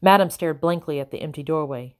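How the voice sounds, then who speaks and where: Woman audiobook narrator, steady, measured, lowish. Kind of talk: first-person audiobook narration.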